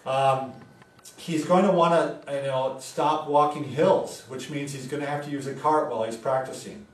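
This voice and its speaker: A man's voice: a little high, steady tone, moderate pace. Roomy, casual male physical therapist. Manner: conversational, explains with filler words. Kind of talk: casual instructional talk. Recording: roomy sound, mic at a distance.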